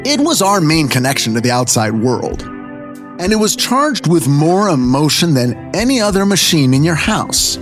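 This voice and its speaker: A man's voice: fairly high pitch, normal speed, faint music behind. A man in his fifties hosting a podcast, telling stories in a conversational way and talking straight to his listeners. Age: 50s. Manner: animated, conversational, addresses listeners directly. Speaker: podcast host. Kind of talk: storytelling narration.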